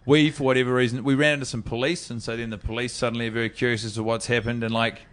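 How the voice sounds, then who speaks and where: A man's voice: mid-range voice, level tone, racing, fairly bright tone. A young adult man with a New Zealand accent, a podcast guest telling a story in rambling, self-deprecating casual chat. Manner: rambling, self-deprecating, restarts mid-sentence.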